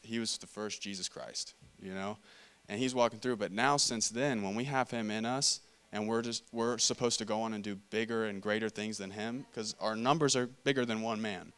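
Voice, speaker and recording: Conversational male preacher with a smooth voice. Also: medium pitch, fairly bright tone. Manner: conversational, repeats phrases, restarts. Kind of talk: casual sermon with scripture reading. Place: church meeting room.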